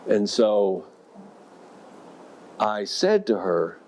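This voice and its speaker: A man's voice: fairly low pitch, drawn-out words, slight background noise. A man who was a school principal, giving a professional development talk to educators and telling stories with audience questions. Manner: storytelling, animated, asks the audience questions.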